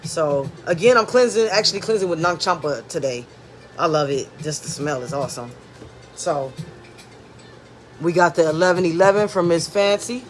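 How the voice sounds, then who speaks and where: High-voiced man giving a casual tarot reading. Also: moderate pace, faint music behind. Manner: relaxed and chatty, drifting into soft murmured blessings. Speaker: tarot card reader.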